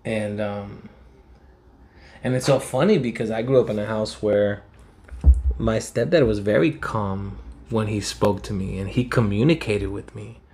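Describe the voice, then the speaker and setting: A man's voice: lowish voice, measured pace, darkish tone. A man, telling a personal story in a rambling, heated, profane way. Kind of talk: casual storytelling.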